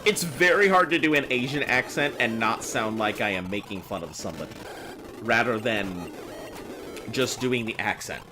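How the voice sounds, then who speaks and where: A man chatting casually with viewers while he plays, rambling and thinking out loud. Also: mid-range voice, lively intonation, moderate pace. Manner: rambling, talks to chat while playing. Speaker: game streamer. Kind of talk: casual live-stream chat. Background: game music.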